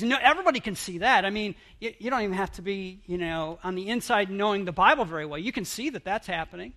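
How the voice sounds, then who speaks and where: High, bright-voiced man preaching a sermon. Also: animated. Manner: earnest, halting delivery with frequent restarts. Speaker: pastor.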